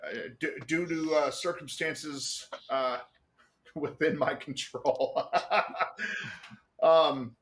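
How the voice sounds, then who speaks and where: Guy rambling through a story, lots of uhs, swears casually, slightly high voice. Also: extremely slow, a bit bright. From United States. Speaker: guest.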